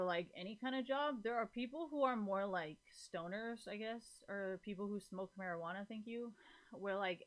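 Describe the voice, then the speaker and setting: A woman streamer chatting casually to her live audience, rambling, swearing freely and filling nearly every pause with "like". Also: medium pitch, fairly bright tone. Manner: rambling, profane, fills every gap with "like".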